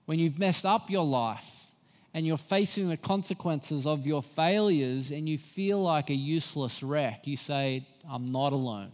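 A middle-aged man preaching a sermon, earnest and gentle, rising for emphasis. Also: a little high, measured pace. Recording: long hall reverb.

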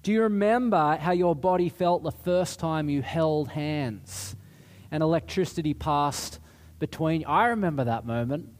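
Pastor, self-mocking sermon. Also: male voice, on the high side, a little slow, a little mellow. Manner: conversational, self-deprecating, with restarts.

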